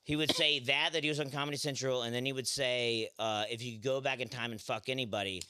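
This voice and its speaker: A man's voice: medium pitch, fast, clean tone, no echo. A man with a Southern accent from Memphis, telling rambling stories in a casual podcast chat. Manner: rambling, animated storyteller. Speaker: podcast co-host.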